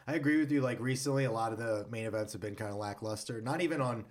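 Fast-talking male podcast co-host. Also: medium pitch. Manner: quick, talks over his co-host, leans on "like". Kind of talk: casual chat.

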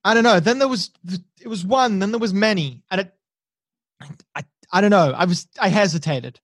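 Guy doing a wounded soldier yelling and cursing, high strained voice, dry sound. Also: normal speed, no echo. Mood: shaken. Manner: screaming, swearing, frantic.

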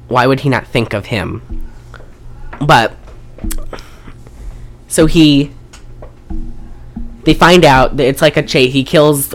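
Rambling, profane young woman retelling a movie. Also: rumbling low. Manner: rambling, profane, laughs while retelling scenes. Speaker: podcast host reviewing a film. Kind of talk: casual chat.

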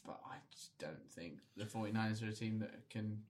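A man's voice: lowish voice, normal speed, a little mellow. A man co-hosts a casual sports podcast. He speaks drily and bluntly, sharing matter-of-fact opinions. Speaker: podcast co-host.

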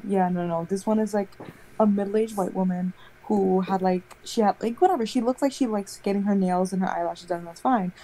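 Mellow-voiced woman telling stories. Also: medium pitch, fairly quick, rough recording. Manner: rambling, animated storytelling full of "like". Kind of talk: casual chat.

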